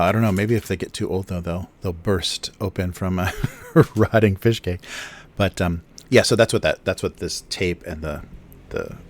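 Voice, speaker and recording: A low-pitched man chatting casually on his livestream from a home setup, talking close into a desk microphone. He wanders through his explanations with plenty of ums, uhs and restarts. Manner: rambling, explains with many fillers and restarts. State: chewing food near the mic. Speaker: livestream host, cartoonist. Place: home studio in Japan. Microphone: close desk mic.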